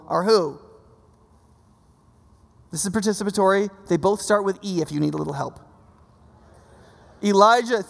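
A man preaching a casual teaching sermon, telling stories with lively asides and questions to the audience. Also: sits high, creaky. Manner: informal, storytelling, asks the audience questions, frequent "right?". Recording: long hall reverb.

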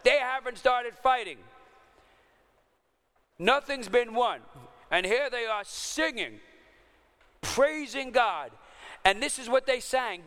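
A man preaching a sermon as pastor, emphatic, dropping to hushed low lines and rising to urgent raised ones. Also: animated, slow, long pauses, big-room sound.

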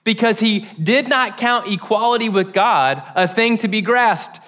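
A man preaching a sermon, animated and joking, acting out the quoted voices. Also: high voice, unhurried.

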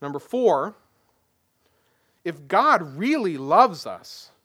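A man's voice: high voice, big pitch swings, slow, fairly bright tone, breathy edge. A man preaching a sermon as pastor, plain and conversational, leaning on rhetorical questions. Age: adult parent.

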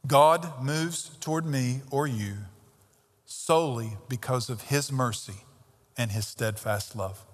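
A man's voice: mid-range voice, slow pace. A man preaching a sermon as pastor, emphatic and conversational, with pointed rhetorical questions. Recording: long reverb of a large hall.

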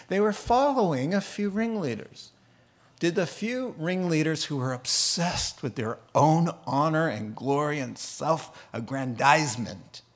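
Man, middle-aged, pastor, sermon, somewhat high pitch, animated, jokey accent impressions. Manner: animated, laughing, putting on funny accents for examples.

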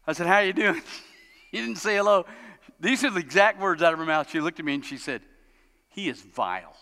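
A man preaching a sermon as a pastor, animated and storytelling, acting out the people he describes. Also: quick pace. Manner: animated, acts out quoted parents in high voices. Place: church sanctuary. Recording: long hall reverb.

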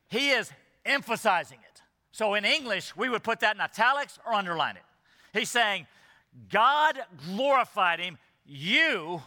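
A man whose voice sits high, with a bright, forceful tone, preaches an expository sermon as a pastor. He's earnest and emphatic, often posing rhetorical questions to the congregation, and hall reverb echoes through the recording.

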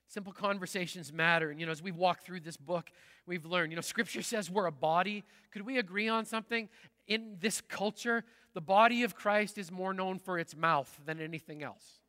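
A middle-aged man, a pastor, preaching a sermon in a large church, telling stories in a lively, conversational way. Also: sits high, normal speed, long reverb tail. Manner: conversational storytelling, lively and animated.

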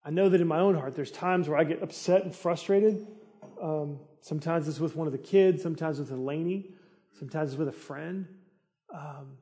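A man's voice: fairly high pitch, dark tone. A middle-aged man preaching a sermon in an earnest, conversational way that rises in intensity. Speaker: pastor.

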